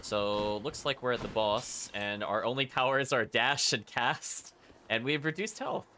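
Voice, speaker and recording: A man streams a video game on a headset mic with game music and slight background noise behind him. His medium-pitched voice is bright and forceful at a measured pace as he talks through his choices in a chatty, analytical way, using fillers like "like" in casual gameplay commentary.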